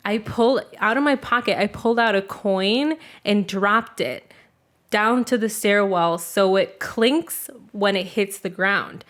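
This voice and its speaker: A woman's voice: medium pitch, a little slow, a bit bright. A young adult woman telling a story in casual chat, filled with "like" and casual swearing.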